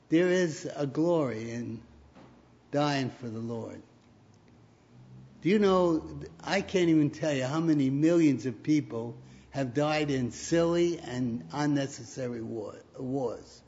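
A man's voice: fairly high pitch, a little mellow. A man preaching a sermon, telling stories and rising to emphatic peaks. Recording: dull lo-fi recording.

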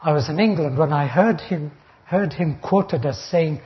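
Older male preacher, fairly high voice, emphatic verse-by-verse sermon, muffled lo-fi tape. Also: normal speed. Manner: emphatic, rising sharply on quoted taunts. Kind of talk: expository Bible sermon. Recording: dull lo-fi recording.

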